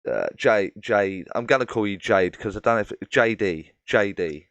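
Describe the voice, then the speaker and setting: A man's voice: lowish voice, moderate pace, fairly bright tone, no room sound, muffled recording. A man hosting a live question-and-answer stream as a medium, explaining at length with many fillers and addressing viewers by name.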